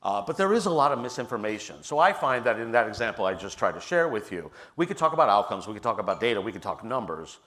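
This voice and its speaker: A man's voice: lowish voice, very animated, fast talker, hardly any pauses, a bit bright. A middle-aged man on a panel, telling an earnest personal story with some restarts. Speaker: panelist, theater leader. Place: stage at a public forum.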